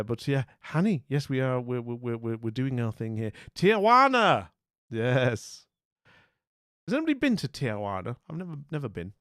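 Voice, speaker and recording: A man's voice: mid-range voice, dry recording, studio quality. A man streaming live, talking casually and rambling as he thinks aloud and greets his viewers. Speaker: streamer playing a geography guessing game.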